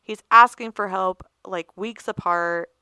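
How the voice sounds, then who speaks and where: Woman podcaster telling stories, crisp bright voice w some fry. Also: mid-range voice, measured pace, no room sound. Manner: animated storyteller, acts out callers' voices. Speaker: podcast co-host. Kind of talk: casual chat.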